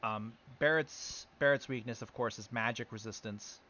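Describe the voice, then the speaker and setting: A man's voice: mid-range voice, normal speed, bright, forceful tone, muffled recording. A man casually chatting on a game livestream, rambling and answering his chat. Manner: rambling and talking back to chat. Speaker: game streamer.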